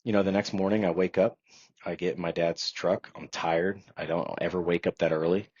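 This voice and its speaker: Low husky-voiced man telling his story. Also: fairly even intonation, fairly quick, a little mellow, dry recording. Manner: earnest, reflective, filler-heavy storytelling. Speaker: podcast guest. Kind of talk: personal storytelling in a podcast interview. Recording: dry, slightly dull podcast audio.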